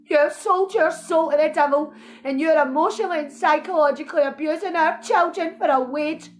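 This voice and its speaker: A woman with a very high voice rants with raw emotion. She accuses and pleads in turn, her voice strained with feeling. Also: a bit bright. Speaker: protesting mother. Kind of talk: impassioned video rant.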